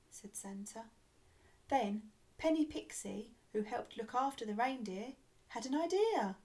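Woman reader, fairly high voice, expressive children's storybook narration into a webcam. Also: measured pace. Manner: expressive, dropping to a soft hush on speech tags. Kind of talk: reading a children's storybook aloud. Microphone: computer webcam.

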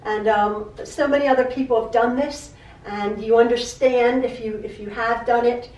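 A middle-aged woman talks casually from her home sewing room, rambling and circling back to repeat herself, often stammering and restarting. Her voice sits a little high. She is recorded from some distance in a room with plenty of echo. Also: fairly even intonation, moderate pace, darkish tone, dull audio. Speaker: quilting channel host. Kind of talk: rambling personal chat. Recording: echoey room, mic at a distance.

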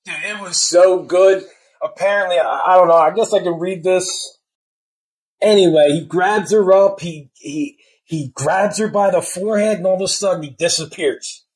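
A man with a high-pitched voice for a guy talks through a book in a loose, slangy way. He gets excitable and swears freely, often acting out his own inner reactions as he goes. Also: normal speed, poor audio. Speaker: book reviewer. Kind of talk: casual spoiler-filled book review.

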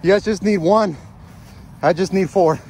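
Holding his phone as he plays soccer outdoors with his children, a thirtysomething dad records a relaxed family vlog, breathless, teasing, and laughing often. He speaks high-pitched at normal speed with a slightly mellow tone, over slight background noise.

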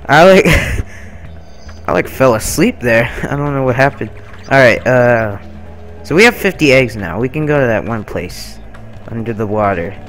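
A man's voice: medium pitch, expressive, a little slow, pauses often, soft background music. A young man giving laid-back, giggly gameplay commentary with swearing and silly asides. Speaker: let's play gamer.

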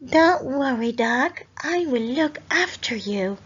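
Storybook little girl, sweet and gentle, high and very unhurried, put on by a woman narrator; muffled lo-fi sound. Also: lively intonation, breathy edge, exaggerated voice. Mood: caring. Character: small cheerful little girl.

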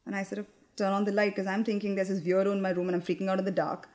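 Give me a young actress delivering a candid, wry monologue at a medium pitch. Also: female voice, completely flat delivery, racing, a little mellow. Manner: candid, confiding, wry, with hesitant restarts. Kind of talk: theatrical monologue.

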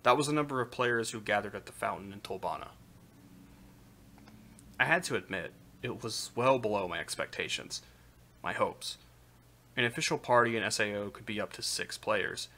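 A man streams a live reading of a light novel in a bright voice that sits on the low side. He keeps a moderate, steady narrating pace, though he slips up now and then.

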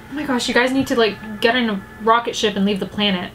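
A woman's voice: fairly high pitch, fast, few pauses, background noise. A woman hosting a music video reaction vlog, full of gasps and emotional exclamations. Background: music video playing.

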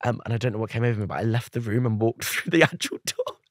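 A young man, a guest on an interview show, telling a story in a lively, chatty way. He acts out other people's lines and laughs often. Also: medium pitch, fast, no room sound, studio quality.

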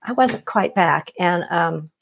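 A middle-aged woman telling her own story as an interview guest, animated, laughing often and acting out what others said. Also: fairly low pitch, takes it slowly, gravelly, a little hiss or hum. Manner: animated, laughs often, acts out quoted voices. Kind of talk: personal story in conversation.

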